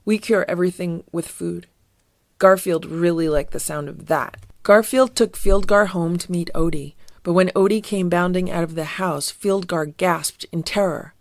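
Female storybook narrator, even read-aloud, gravelly, dry booth sound. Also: fairly low pitch, normal speed, few pauses, dry recording.

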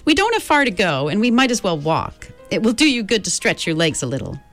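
A woman's voice: mid-range voice, big pitch swings, brisk, soft background music, pitched above the performer's own voice. A woman voicing a cheerful, motherly old female being from the stars who reassures children. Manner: bright, coaxing, reassuring.

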